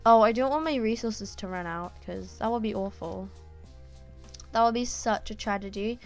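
A woman giving casual gameplay commentary, chatty and excitable, with lots of ums and quick exclamations. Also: a little high, faint music behind. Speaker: gaming YouTuber.

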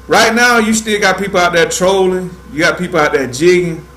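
A man's voice: sits high, brisk, bright, forceful tone. A man from Georgia, hosting a fishing livestream in laid-back casual chat, tacking "man" onto most lines. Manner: laid-back, drawling, says "man" constantly. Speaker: fishing show host.

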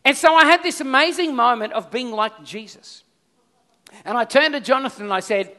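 Aussie pastor guy, high bright voice, lively storytelling sermon, repeats himself a lot. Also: normal speed. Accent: Australian.

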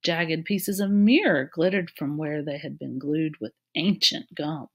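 A woman reading a children's novel aloud, narrating in a clear, steady storytelling manner. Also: low voice, unhurried. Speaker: reader.

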